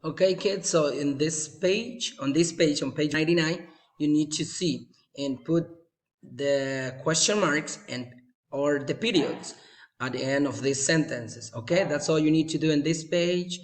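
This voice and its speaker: A male teacher giving a recorded English lesson to children, slow and repetitive, often checking in with "okay?". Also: on the high side.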